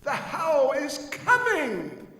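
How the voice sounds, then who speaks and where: A man voicing an eager little boy who insists with shrill, emphatic cries, heard in an echoey hall. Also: huge pitch swings, extremely slow, bright, forceful tone, heavily acted. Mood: insistent. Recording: echoey hall, faint ambience.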